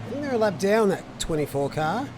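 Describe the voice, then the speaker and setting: A man's voice: high voice, sing-song, fairly quick, noisy background. A man giving casual live sim racing commentary, chatting to viewers and answering their messages.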